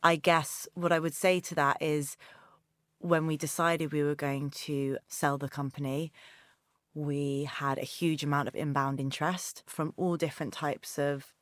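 A woman's voice: low voice, level tone, measured pace, no room sound, studio quality. A woman founder answering interview questions in a candid, chatty way, with frequent "you know" and "kind of" fillers. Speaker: company founder, interview guest.

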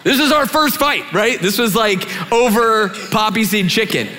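A man preaching as a youth pastor, telling a personal story in an animated way and laughing often. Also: high voice, normal speed.

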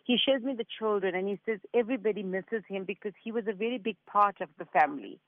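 A man with a high voice gives psychic readings on a radio show. He sounds earnest and reassuring and passes messages along in quick runs. The sound is dry and tinny, like a phone line. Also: no room sound. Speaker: psychic medium.

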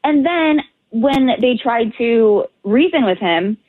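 A woman's voice: a little high, animated, slow, dry recording. A woman correspondent speaking on a radio show over the phone, emphatic and indignant. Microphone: phone line. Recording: tinny phone line.

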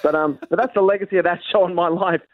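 A man with an Australian accent telling stories as a comedian guest, with animated delivery and frequent stammering restarts. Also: sits high, fast talker, no echo. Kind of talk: phone interview chat. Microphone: phone call. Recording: tinny phone line.

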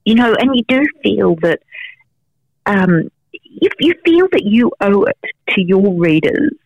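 A woman's voice: medium pitch, big pitch swings, unhurried, no echo, muffled recording. A middle-aged woman, a journalist telling frank stories in an interview, with lots of fillers and restarts. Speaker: investigative journalist, guest. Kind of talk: storytelling interview answers.

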